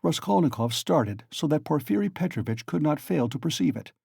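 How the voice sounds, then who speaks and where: Gravelly, mellow male audiobook narrator. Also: a little high, lively intonation, brisk, no room sound, clean studio sound. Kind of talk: scripted narration.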